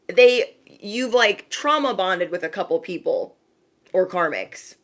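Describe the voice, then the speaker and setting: A woman's voice: mid-range voice, slow pace. Chatty woman giving a tarot reading. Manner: chatty, calls the viewer bestie; slips into exaggerated quoted voices. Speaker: tarot card reader. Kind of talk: spiritual tarot reading to camera.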